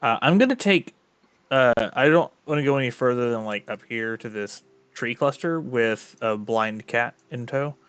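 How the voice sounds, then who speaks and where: A man's voice: medium pitch, normal speed, fairly bright tone, smooth, no room sound, highs cut off. A man playing in a tabletop game, speaking hesitantly with ums and restarts. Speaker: player. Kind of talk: casual tabletop play.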